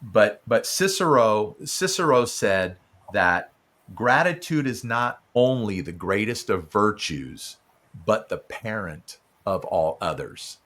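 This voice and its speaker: A man's voice: lowish voice, lively intonation, takes it slowly, fairly bright tone. A man hosting a podcast interview, effusive and stammering, getting emotional and welling up. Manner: effusive, stammers with repeated words. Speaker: podcast host. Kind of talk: casual interview chat.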